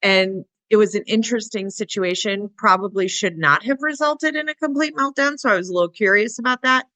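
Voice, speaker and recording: A woman's voice: medium pitch, a little fast, bright, forceful tone, no room sound. Storytelling woman co-host, dry sound. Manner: anecdotal storytelling with laughs. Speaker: podcast co-host and dog trainer. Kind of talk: casual conversational interview.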